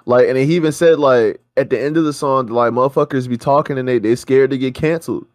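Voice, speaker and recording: A man's voice: medium pitch, quick pace, a little mellow, dry recording. A man co-hosting a reaction show, ranting in heated, profane casual chat.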